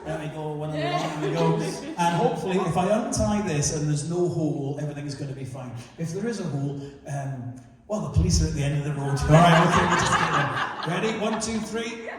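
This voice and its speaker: A magician doing jokey, teasing banter with volunteers during a live show in a large hall. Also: male voice, on the high side, fast talker, a crowd in the background. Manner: jokey, teasing audience banter, laughing often. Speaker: magician and entertainer. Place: large church hall with audience. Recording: echoey hall recorded from far off, noisy.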